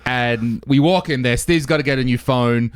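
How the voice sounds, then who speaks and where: A man's voice: mid-range voice, normal speed, smooth, no echo, clean studio sound. An Australian man co-hosting a podcast in casual chat, telling stories in a joking way. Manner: animated, joking storyteller. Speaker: podcast co-host. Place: home, indoors.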